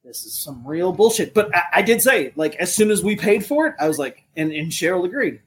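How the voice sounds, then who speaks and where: A man's voice: sits high, lively intonation, fairly quick, fairly bright tone. A man in casual podcast chat, reacting with laughs and telling his own side of a story. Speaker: podcast co-host.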